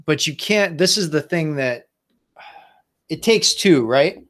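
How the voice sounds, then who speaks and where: A man's voice: fairly high pitch, animated, slow pace. A man hosting a casual podcast as a martial arts instructor, steadily explaining and steering the talk.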